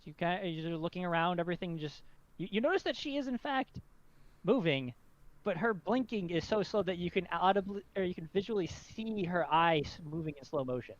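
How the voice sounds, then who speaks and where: Halting man narrating as game master. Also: high voice, lively intonation, no echo, muffled recording. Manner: halting, with many restarts and fillers. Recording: background music under voice.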